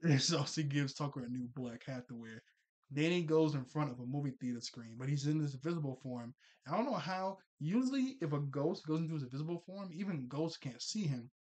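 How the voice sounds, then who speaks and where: A young man with a somewhat high voice reviews a cartoon episode in a relaxed, conversational way. He chats along, laughs often and leans on lots of fillers and restarts. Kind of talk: casual episode recap.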